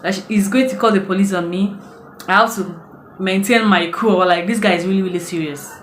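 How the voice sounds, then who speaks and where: Fairly quick and mid-range, this woman talks with a Nigerian accent over slight background noise in an echoey room. The Nigerian vlogger offers casual advice in a chatty, story-driven way, acting out quoted voices.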